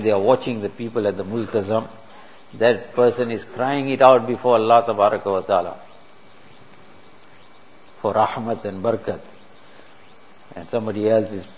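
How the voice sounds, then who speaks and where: A man preaching a sermon in a mosque, earnest and teaching through rhetorical questions. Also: on the low side. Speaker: Islamic preacher. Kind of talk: sermon to a congregation. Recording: dull lo-fi recording with faint hiss.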